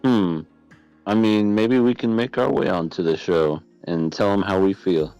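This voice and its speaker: Man, very deep voice, dry close sound, rambling casual podcast talk, faint music. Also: fairly even intonation, a little slow, dark tone, clear, resonant tone, no echo, lo-fi sound. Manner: laid-back, rambling, hesitant restarts. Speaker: podcast co-host. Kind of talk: casual chat.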